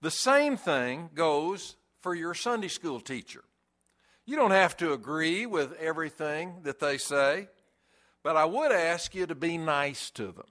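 Slow, deliberate preaching man. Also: fairly high pitch, animated, a bit bright. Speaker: pastor. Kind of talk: sermon.

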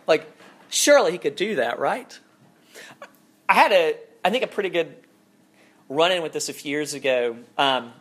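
Young male pastor, casual sermon delivery, lively pitch, asks the crowd questions. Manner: conversational, animated, rhetorical questions.

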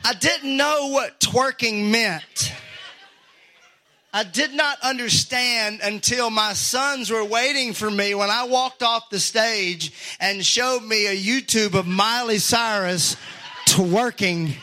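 A man preaching a sermon as pastor from a church stage, playful and lively, with rising shouts and laughter in places. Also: sits high, slow pace. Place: church stage before a congregation.

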